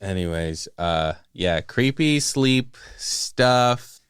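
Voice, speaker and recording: A man's voice: fairly low pitch, very slow, smooth, dry recording, studio quality. A man co-hosting a podcast, chatting casually about a movie, laughing often and acting out stories. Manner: laughs often, animated retelling. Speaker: podcast co-host. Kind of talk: casual movie review chat.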